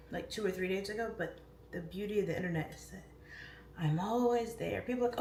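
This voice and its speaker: A woman's voice: mid-range voice, fast, darkish tone. A woman in her thirties hosting a casual morning livestream, rambling chattily with lots of "like" and "um" and greeting viewers in the chat. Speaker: livestream host. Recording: roomy, distant mic, faint room noise.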